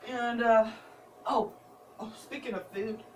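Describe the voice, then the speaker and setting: A woman's voice: fairly high pitch, steady tone, slow, darkish tone. A woman with a Midwestern accent rambles through a folksy story on her home vlog. She drifts off topic, laughs often and drawls her words. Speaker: vlogger. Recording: distant mic, faint background noise.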